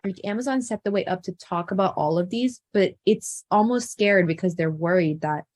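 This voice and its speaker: A woman's voice: medium pitch, moderate pace, a little mellow, no echo, studio quality. A woman co-hosting a casual film review chat, speaking earnestly and searching for words with many fillers.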